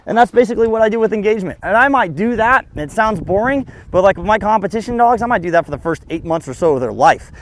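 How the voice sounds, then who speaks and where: Brief: male dog trainer, slightly higher-pitched voice, easygoing explainer, recorded outdoors with faint background noise. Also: fast, few pauses. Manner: relaxed explaining, breaking into high excited calls to the dog. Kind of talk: casual outdoor training demonstration.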